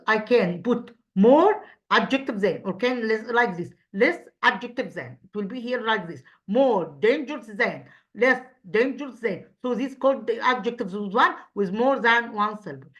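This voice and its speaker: Woman teaching English, halting. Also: on the high side, lively intonation, a bit bright. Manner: halting, many fillers and self-corrections, asks then answers own questions. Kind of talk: recorded classroom revision lesson. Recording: dull lo-fi audio.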